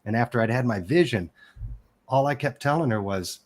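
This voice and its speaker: A man's voice: mid-range voice, expressive, moderate pace. Candid man in his forties. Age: 40s. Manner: candid and emotional, swears casually. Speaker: podcast guest. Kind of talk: personal storytelling.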